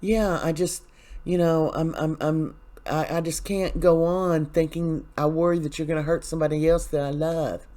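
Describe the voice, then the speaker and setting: A man voicing a scheming young woman who feigns sincerity in a halting, falsely sweet voice, while recapping a soap opera. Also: a little high, little pitch movement, dark tone, pitched above the performer's own voice, close to an everyday voice.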